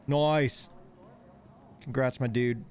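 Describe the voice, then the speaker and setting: A man's voice: mid-range voice, fairly even intonation, extremely slow, background noise. A man streaming a game live, rambling and distracted, slightly lisping after dental work and on painkillers. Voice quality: slightly lisping from missing front teeth. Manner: rambling, easily distracted, giggly. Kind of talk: live gameplay commentary.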